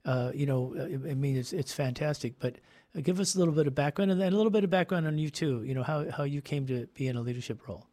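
A man's voice: fairly high pitch, fast talker, warm tone. A man hosting a radio interview, asking probing questions and often repeating them. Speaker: radio host.

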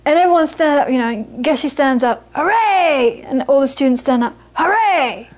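Brief: high-pitched woman, Buddhist teacher, storytelling talk. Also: brisk. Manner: storytelling, animated when quoting, soft and hushed on inner peace. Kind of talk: dharma talk with anecdotes.

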